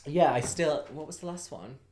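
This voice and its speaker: A man's voice: a little high, normal speed, noisy background. A man co-hosting a podcast, chatting casually with a camp, cheeky, joking manner. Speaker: podcast co-host. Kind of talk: casual chat.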